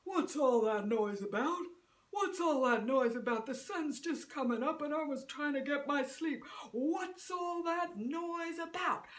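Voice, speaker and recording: Woman doing a pushy, excitable big tiger. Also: high voice, measured pace. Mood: grumpy, groggy. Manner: pleading, excitable, breaking into laughter. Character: big blustering male tiger, vain and pushy. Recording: roomy echo, mic at a distance.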